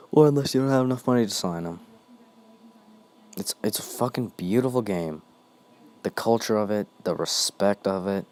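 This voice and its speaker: A man's voice: fairly low pitch, darkish tone. A young man hosting a ranting monologue, heated and blunt, swearing constantly.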